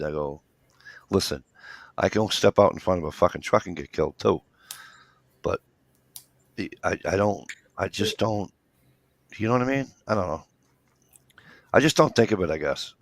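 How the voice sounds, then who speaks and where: A man's voice: on the low side, lively intonation, normal speed, vocal fry, pauses often, no room sound. A man in his fifties in rambling casual chat, swearing freely as he tells stories. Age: 50s. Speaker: podcast co-host.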